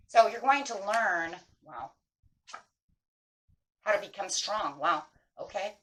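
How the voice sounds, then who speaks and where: A woman's voice: mid-range voice, lively intonation, slow, pauses often, fairly bright tone, slight background noise, rough recording. A woman tarot reader giving casual spiritual advice, earnest and emphatic, who keeps checking in with her listeners by asking "right?". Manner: earnest, emphatic, repeats key phrases.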